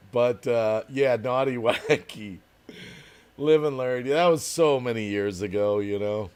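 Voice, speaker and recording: A man's voice: mid-range voice, slow pace, long pauses, a little mellow, clear, resonant tone. A man hosting a casual livestream, reading viewer comments aloud, chatting and laughing often. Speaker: livestream host.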